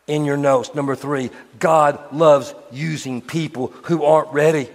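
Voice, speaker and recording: Animated preacher in an echoey hall. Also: male voice, a little high. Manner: animated preaching, acting out biblical figures in quick voices. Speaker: pastor. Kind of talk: sermon. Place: church hall.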